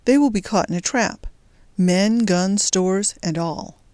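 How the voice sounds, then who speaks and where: A woman's voice: medium pitch, slow, darkish tone, dry recording, lightly acted. A woman voicing an earnest young male resistance fighter who speaks with urgency. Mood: urgent.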